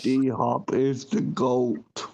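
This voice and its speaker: A man hosting a casual livestream sports chat, halting and often repeating and restarting his words. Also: medium pitch, flat delivery, creaky, a little mellow. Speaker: show host.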